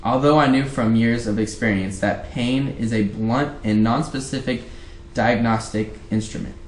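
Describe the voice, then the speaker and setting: A young man casually reading a novel aloud on a livestream, halting and rereading lines, into a webcam mic. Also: mid-range voice, fairly even intonation. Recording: echoey room, background noise.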